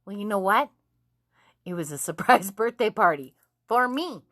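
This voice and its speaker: A woman's voice: mid-range voice, lively intonation, moderate pace, fairly bright tone, no room sound, clean studio sound. A woman in her forties, a nurse and vlogger, talking candidly and emotionally, swearing freely and often laughing. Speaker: nurse and self-help vlogger. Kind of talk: candid motivational vlog talk.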